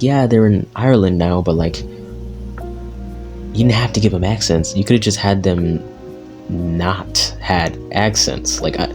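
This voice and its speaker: A young man giving a casual, rambling movie review with lots of fillers and restarts. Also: low voice. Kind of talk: casual spoken film review.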